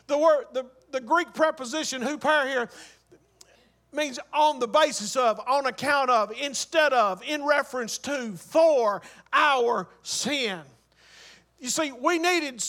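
A man's voice: very high voice, pushed and bright. A man preaching a sermon, vivid and graphic, building intensity with repeated rhetorical questions.

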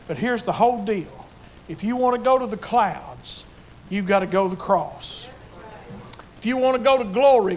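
A man's voice: sits high, slight background noise. An older man preaching a sermon to his church, fervent and emotional in his delivery. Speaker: pastor.

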